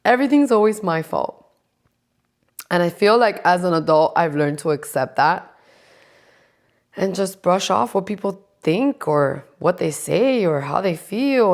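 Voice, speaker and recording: A woman's voice: on the low side, animated, unhurried. A woman in her forties chatting casually to camera, blunt, sassy and full of profanity. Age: 40s. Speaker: vlogger.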